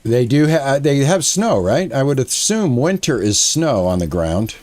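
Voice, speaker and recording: A man's voice: medium pitch, big pitch swings, moderate pace, darkish tone. A man streaming a farming game, chatting casually and thinking aloud about what he is doing, on a headset mic. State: out of breath. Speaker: gaming streamer. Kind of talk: casual gameplay commentary.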